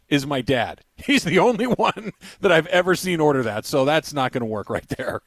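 A man in his late forties talks on a radio show in loose, joking banter. His voice sits a bit high. He is recorded close on a dry studio mic. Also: normal speed, no echo. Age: 40s. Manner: animated storyteller, acts out menacing voices. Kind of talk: casual sports-radio banter.

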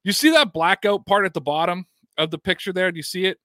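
A man's voice: high voice, quick pace, dry recording, studio quality. A man hosting a sports podcast, chatting casually about football news, reading statements aloud and asking rhetorical questions. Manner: animated, reads quotes aloud, rhetorical questions.

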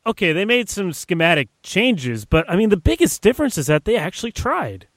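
A man's voice: sits high, very animated, brisk, a bit bright, no echo. A man co-hosting a casual sports podcast, breaking down plays in an analytical way and often hedging with "I mean". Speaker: co-host and editor.

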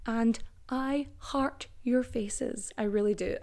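Woman podcast host, young adult, casual, animated, swears a lot, fairly high voice. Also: measured pace, few pauses. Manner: chatty and animated, swears freely. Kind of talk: casual chat.

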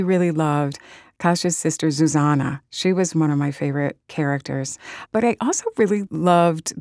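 Low-voiced woman author. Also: vocal fry, a little mellow, no echo, studio quality. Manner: earnest and enthusiastic, emotional about audiobooks. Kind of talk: answering interview questions.

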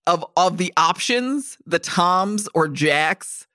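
Woman cohost, bright tone, dry mic, swears and jokes a lot. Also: on the low side, lively intonation, slow pace, no room sound. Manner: blunt, profane joking. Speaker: podcast co-host. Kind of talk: casual chat.

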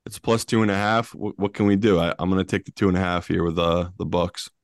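A man's voice: sits low, level tone, fast, no room sound, clean studio sound. A man co-hosting a sports betting podcast, talking in a loose, teasing way and swearing casually.

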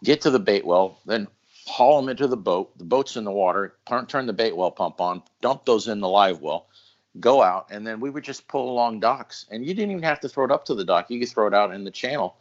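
A low-pitched man tells fishing stories in a casual podcast, animated and quick to laugh. The audio is muffled and lo-fi. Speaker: guest storyteller.

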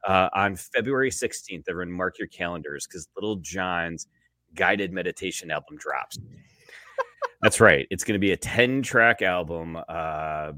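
A man co-hosting a sports podcast, rambling in casual chat and laughing loudly at his own jokes. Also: sits low, a little slow, dry recording. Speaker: podcast co-host.

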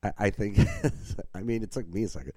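A man's voice: lowish voice, expressive, fast, warm tone, dry recording. A man co-hosting a podcast in casual chat, talking in an easygoing way with frequent restarts. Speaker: podcast co-host and group admin.

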